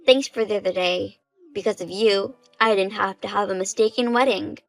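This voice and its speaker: A woman's voice: medium pitch, normal speed, soft background music, natural voice, poor audio. A woman voicing a shameless young bride-to-be who stays smug and unbothered.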